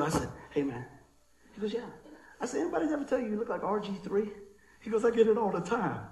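A man delivering a sermon as a loose, animated story. His voice sits high for a man and rings around an echoey room. He talks in a folksy way and chuckles as he goes. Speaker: pastor.

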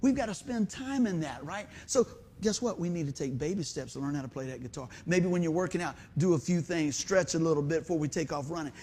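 A man preaching a sermon as pastor of a church, telling folksy stories with lively quoted voices. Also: on the high side, fast, a little hiss or hum. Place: church sanctuary.

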